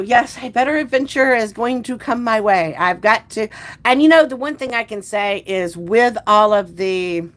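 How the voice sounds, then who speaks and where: A woman's voice: mid-range voice, fairly bright tone. Woman, livestream host, casual chat, rambling, restarts sentences, reads viewer comments.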